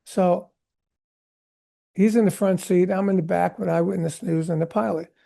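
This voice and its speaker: A man in his seventies, a guest drummer, telling rambling, animated stories in a casual interview. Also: high voice, normal speed, creaky. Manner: animated rambling anecdotes, acts out quotes. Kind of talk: storytelling interview chat.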